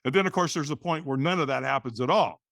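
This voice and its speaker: A middle-aged man, a podcast guest, telling a personal story in a lively way, acting out the voices in the quotes and often restarting words. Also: medium pitch, quick pace, creaky, no room sound, clean studio sound.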